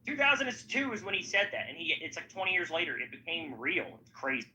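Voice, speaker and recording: A man's voice: on the high side, very animated, fast talker, pushed and bright. A man talking politics in a rambling, profane, casual podcast chat. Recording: slightly dull audio with faint background noise.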